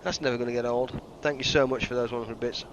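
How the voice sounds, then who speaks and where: A man's voice: mid-range voice, quick pace. Chatty man streaming a game. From United Kingdom. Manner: chatty, excitable, thanks viewers by name. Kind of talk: casual live gameplay commentary. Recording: slightly dull stream mic with faint hiss.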